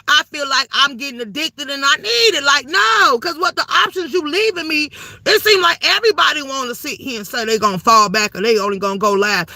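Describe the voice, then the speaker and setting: Brash, high-voiced woman gossiping live. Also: pushed and bright, dry recording, clean studio sound. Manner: brash and profane, laughing often, calling the chat "baby". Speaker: livestream host. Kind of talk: casual gossip commentary to a live chat.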